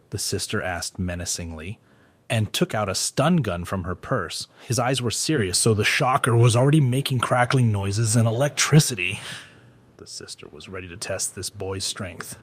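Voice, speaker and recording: A man narrating a story recap in a plain, steady storytelling manner. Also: on the low side, moderate pace, no room sound.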